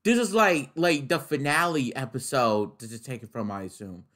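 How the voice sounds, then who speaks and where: A young man reacting to a trailer in a casual way, excitable and loud, swearing and laughing often. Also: medium pitch, moderate pace. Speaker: reaction video host.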